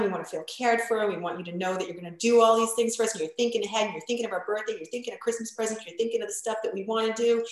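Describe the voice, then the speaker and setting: A woman podcast guest and coach chatting casually, telling stories bluntly and acting out quoted lines with lively voices. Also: medium pitch, very echoey, low-quality recording. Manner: animated storyteller, acts out quotes, blunt, swears.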